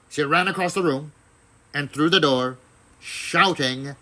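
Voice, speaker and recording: A man giving a deliberate, expressive dramatic reading of a children's fairy tale. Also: on the high side, slightly rough, rough recording. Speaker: storyteller.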